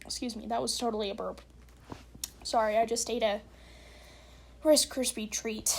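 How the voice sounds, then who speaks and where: A high-pitched woman reads horror stories aloud for her podcast and keeps stopping to comment. She sounds blunt and sarcastic, nitpicking the grammar, then sighs and apologizes. It is casual and unpolished. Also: fairly even intonation, moderate pace, creaky, pauses often. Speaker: podcast host reading online horror stories.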